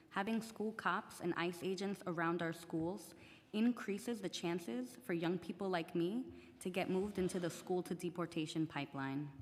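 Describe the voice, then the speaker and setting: A teenage girl for whom English is not a first language earnestly reads prepared testimony as a student at a public hearing in a council chamber. Her voice is fairly low and a little mellow, and the large chamber adds a long reverb.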